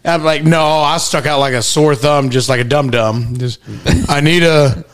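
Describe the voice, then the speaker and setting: A man's voice: mid-range voice, steady tone, normal speed, a bit bright. A man co-hosting a podcast in casual chat, joking crudely and adding wry asides. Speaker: podcast co-host.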